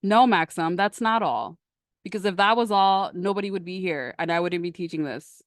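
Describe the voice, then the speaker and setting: A woman coaching on a live stream in a lively, emphatic, conversational way, answering questions from the chat. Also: on the low side, moderate pace, no room sound, clean studio sound. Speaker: manifestation coach.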